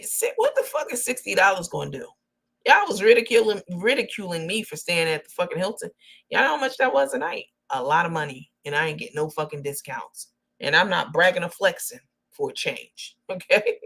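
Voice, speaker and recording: A woman's voice: on the low side, fairly bright tone. A woman hosting a casual gossip commentary show, talking brashly and mockingly with lots of profanity. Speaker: host.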